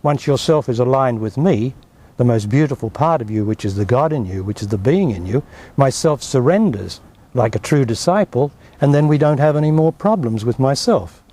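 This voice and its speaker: A man's voice: medium pitch, lively intonation, moderate pace, dark tone. A man with an Australian accent, a spiritual teacher giving emphatic, blunt answers in an interview. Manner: emphatic, blunt, dismissive of objections.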